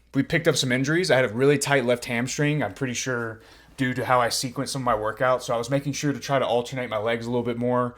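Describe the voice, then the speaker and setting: Young male fitness podcast host, calm and earnest, mid pitch, reflective monologue. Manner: calm, earnest, with frequent filler words. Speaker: podcast host and personal trainer.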